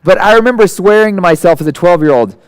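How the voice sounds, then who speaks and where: A man in his forties giving a conversational sermon, animated and self-deprecating, acting out the people he quotes. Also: high-pitched, quick pace, clear, resonant tone. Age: 40s. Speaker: guest preacher.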